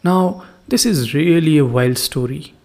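A man's voice: a little high, unhurried, darkish tone. A man voicing a stern, scolding village chief in a folk tale.

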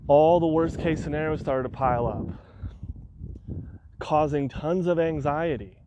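A man with a fairly high voice hosts a solo podcast. He tells a personal story with lively energy and acts out his own frantic rants. A faint hum sits under the recording. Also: measured pace, dull audio. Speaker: podcast host.

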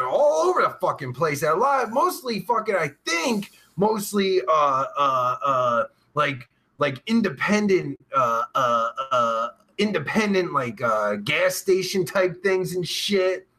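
A man hosting a live stream and reading out chat messages, rambling and crude, full of swearing and filler words, with drawn-out groans of pleasure. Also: high-pitched, very animated, bright, forceful tone.

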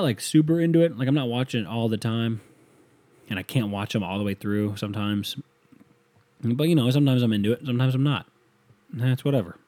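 A man's voice: fairly low pitch, darkish tone. A man delivering a profane, sarcastic comedic rant as a solo monologue.

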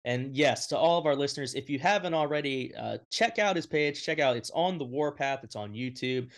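A man of middle pitch hosts a podcast in a casual, upbeat way, teasing his guests and tossing off jokes. His delivery is lively and chatty. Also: brisk. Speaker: podcast host.

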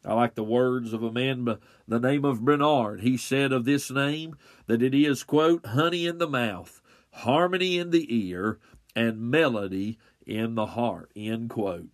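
Deliberate preacher man, dry sound. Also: medium pitch, no echo. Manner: slow, deliberate delivery with emphatic pauses. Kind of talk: expository sermon.

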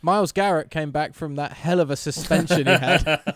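A man's voice: fairly high pitch, moderate pace, fairly bright tone, dry recording. A man co-hosting a casual sports podcast, opinionated and jokey as he argues his picks with stats. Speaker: podcast co-host.

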